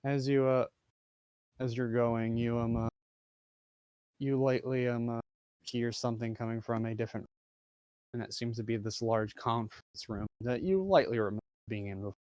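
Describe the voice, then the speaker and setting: A man narrating as game master of a tabletop game, halting with many fillers. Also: mid-range voice, steady tone, darkish tone, clean tone, no echo.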